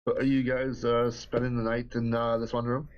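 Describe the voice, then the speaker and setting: A man acting as game master, calmly asking the players questions and narrating what happens. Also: medium pitch, moderate pace. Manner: calm, asks players questions, narrates events plainly. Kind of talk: running a tabletop game. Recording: dull, lo-fi mic.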